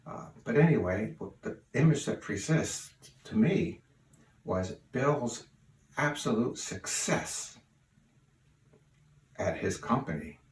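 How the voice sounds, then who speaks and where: An older man sharing memories of his cousin in an unhurried, folksy way with plenty of fillers, recorded at home. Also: mid-range voice, animated. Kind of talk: spoken remembrance. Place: room at home. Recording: roomy, distant mic, faint hiss.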